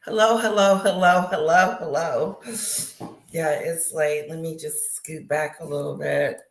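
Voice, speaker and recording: A woman's voice: sits low, steady tone, a little slow, gravelly, roomy sound. A woman hosting a casual late-night live chat from her bedroom, gossipy and exclaiming with frequent laughter. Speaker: livestream host. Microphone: device screen close up.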